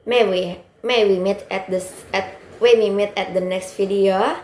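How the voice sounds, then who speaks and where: A young woman student giving a class presentation, speaking halting non-native English with informal classroom address. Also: medium pitch, steady tone, darkish tone. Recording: roomy echo with faint background hiss.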